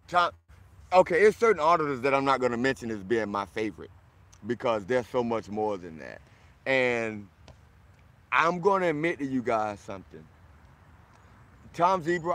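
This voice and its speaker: A man's voice: medium pitch, fairly bright tone. Boisterous man from Florida. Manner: boisterous, friendly, greets viewers by name. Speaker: livestream host reading viewer comments. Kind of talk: casual livestream chat.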